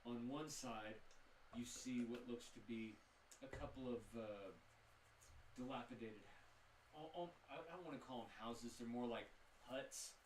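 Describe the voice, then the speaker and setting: A man's voice: mid-range voice, unhurried. A man narrating a tabletop game as game master, describing scenes with frequent fillers. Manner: descriptive, with many fillers and restarts. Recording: echoey room, mic at a distance, faint noise.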